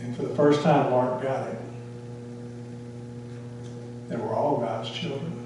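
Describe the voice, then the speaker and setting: A man's voice: mid-range voice, fairly even intonation, normal speed, noisy background. A male pastor preaching a sermon, telling a story and putting questions to the congregation. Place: church sanctuary. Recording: echoey church hall, from far off.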